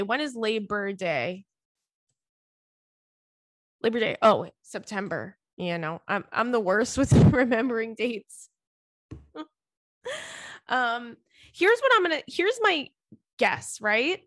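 A woman's voice: on the high side, animated, measured pace, pauses often, no echo. Female podcast host, casual advice chat, candid and loose with swearing, dry close sound. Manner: candid, swears freely, chatty with fillers.

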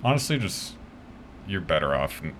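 A man guesting on a comedy podcast, deadpan and trading loud comic insults in an improvised roast. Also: low-pitched, moderate pace, a little hiss or hum.

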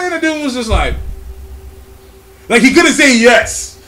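A young man from California, telling a story in a casual chat as a podcast host. He is animated and profane, and often laughs as he talks. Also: very high voice, a little slow, pauses often, faint music behind.

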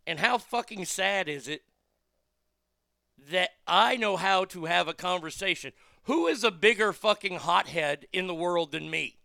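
A man's voice: sits high, animated, measured pace, creaky, pushed and bright, no room sound, clean studio sound. A man hosting a talk show, ranting bluntly and swearing casually as he riffs on the news. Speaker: radio talk show host. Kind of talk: profane casual monologue.

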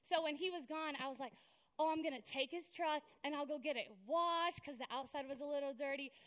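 A woman's voice: high voice, fairly quick, fairly bright tone. A young woman preaching a sermon in a conversational, storytelling way, often checking in with "right?".

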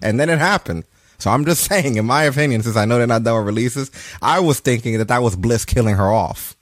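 A man's voice: mid-range voice, brisk, dry recording. A man casually recapping wrestling results on a podcast, loose and profane, cracking jokes as he goes. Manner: loose, profane, joking storytelling. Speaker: podcast co-host.

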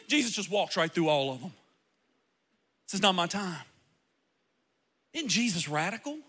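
A male pastor preaching a sermon with dramatic storytelling, often rising into shouts. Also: high voice, animated, normal speed, long pauses. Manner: impassioned, often breaking into shouts.

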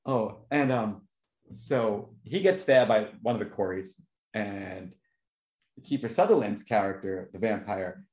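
A man chatting casually, telling stories with lively jumps into a higher voice when he quotes reactions. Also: unhurried. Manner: animated storyteller, voice jumps high for quoted reactions. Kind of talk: casual chat. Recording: echoey room.

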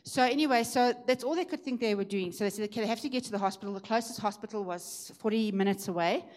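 Lively woman preaching. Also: fast talker. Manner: lively storytelling, rising and emphatic at high points. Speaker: preacher sharing a testimony. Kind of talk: sermon testimony.

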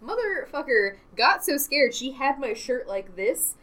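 A woman telling a funny story in casual chat with friends, swearing freely and getting loud at the punchlines. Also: high-pitched, big pitch swings, unhurried.

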